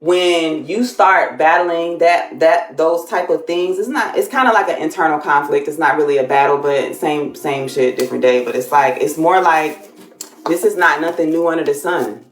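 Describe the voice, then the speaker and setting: A woman's voice: deep voice, moderate pace, echoey room. A woman co-hosting a casual live stream, musing in loose, rambling thoughts. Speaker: livestream co-host.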